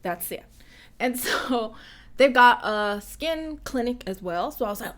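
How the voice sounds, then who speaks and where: A woman's voice: a little high, expressive, unhurried. A young woman from the United States chatting casually on a live stream from home, rambling and reading out donor messages.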